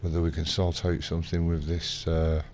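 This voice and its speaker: A man's voice: low voice, level tone, moderate pace, a little mellow, a little hiss or hum. A man, rambling through an indignant in-character story as a gaming vlogger. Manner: rambling, indignant anecdote telling with acted quotes. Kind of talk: casual in-character gameplay storytelling.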